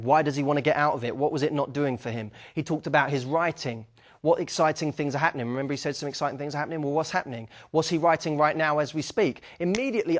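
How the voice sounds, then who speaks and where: A young man giving a dating lesson, talking with energy and acting out bits of sample dialogue. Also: fairly high pitch. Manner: energetic, acts out sample dialogue, frequent "okay?" check-ins. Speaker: dating coach. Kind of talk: instructional talk to camera.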